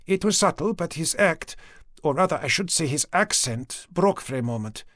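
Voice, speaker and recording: A male narrator voicing a sharp, persistent young woman police sergeant in an audiobook. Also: a little high, expressive, dry recording, studio quality, pitched above the performer's own voice. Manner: quick, probing, persistent. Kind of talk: audiobook character voice. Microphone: close studio mic.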